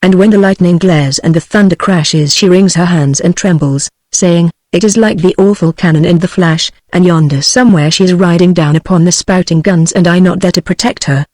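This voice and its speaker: A bewildered old peasant father, read by a text-to-speech voice at a medium pitch. The reading is even and unshaded, with no change of voice for him. The sound is dry. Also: moderate pace, hardly any pauses, no room sound, natural voice. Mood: puzzled. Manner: plain synthetic reading, no voice change.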